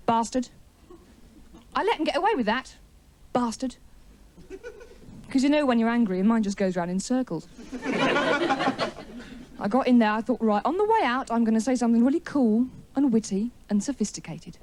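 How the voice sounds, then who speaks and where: A woman's voice: a little high, expressive, moderate pace, noisy background. A woman doing a stand-up routine in a TV studio before a live audience, telling a story with chatty, wry self-mockery and teasing the crowd. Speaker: stand-up comedian.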